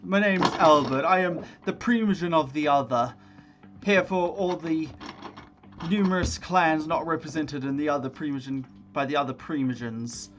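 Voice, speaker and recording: 男性が演じる大げさで甘ったるい太った吸血鬼の男. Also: male voice, on the high side, a bit bright, muffled recording, soft background music, natural voice. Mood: pompous. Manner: theatrical, drawn-out fawning delivery. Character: flamboyant fat male vampire primogen, gushing.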